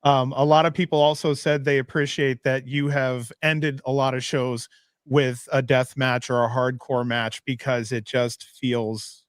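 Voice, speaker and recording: A man's voice: medium pitch, flat delivery, unhurried, no room sound, clean studio sound. A man chatting on a podcast, asking long rambling questions and laughing easily. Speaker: podcast guest. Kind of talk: casual podcast chat.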